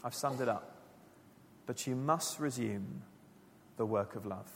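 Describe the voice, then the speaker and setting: A man preaching a sermon to his church, earnest and emphatic, dropping his voice low and quiet for key lines. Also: unhurried, a little hiss or hum. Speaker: pastor. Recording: long church reverb.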